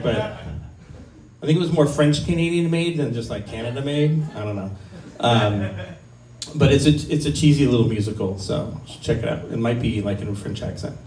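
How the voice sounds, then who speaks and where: A stand-up comic in his fifties rambles through a crude, self-deprecating open-mic set in a small comedy venue, leaning heavily on ums. He has a fairly high, mellow voice, with slight background noise, and the mic sounds distant in a roomy recording.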